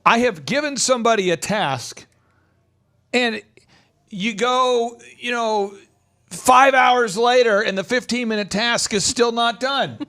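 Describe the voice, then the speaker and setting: A man hosting a business podcast, talking emphatically and firing off rhetorical questions. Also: very high-pitched. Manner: animated, emphatic, rapid-fire rhetorical questions. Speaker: host and business coach. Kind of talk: energetic podcast talk.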